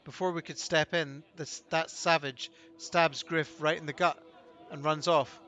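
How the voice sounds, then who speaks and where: Guy reading angry witness guy, indignant, kinda high. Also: fairly even intonation, unhurried, pushed and bright.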